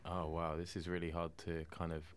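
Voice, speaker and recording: A man's voice: deep voice, monotone, a little fast, slight background noise. A man who is a guest on a radio show, talking casually and searching for words, with fillers. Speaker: guest, author and former inmate. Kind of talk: radio interview.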